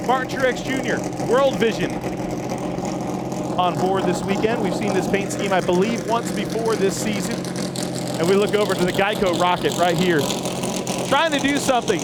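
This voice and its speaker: A man hosting live, enthusiastic walk-around commentary in an outdoor race-car garage, chatting with viewers while filming on a camera he holds himself. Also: high voice. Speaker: host. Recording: noisy outdoor garage, engines running. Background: engines and garage noise.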